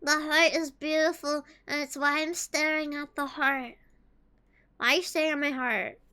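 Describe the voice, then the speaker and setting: A woman's voice: high-pitched, fairly even intonation, moderate pace, pushed and bright. A young adult woman streaming as a VTuber, chatting casually with viewers in a giggly, playful way, with a voice that cracks often. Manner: giggly, playful, jokes in bursts of mock drama. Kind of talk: casual chat reacting to viewers.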